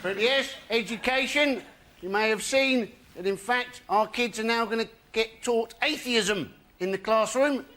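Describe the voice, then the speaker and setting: A man's voice: extremely high pitch, a little slow. A male comedian delivering wry topical jokes in a dry way on a panel show. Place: TV studio with live audience. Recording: noisy studio recording.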